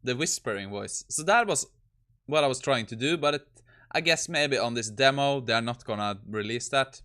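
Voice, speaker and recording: A man with a bright, forward voice comments casually on an AI demo. He thinks aloud, trails off, and laughs now and then. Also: mid-range voice, normal speed. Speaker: host.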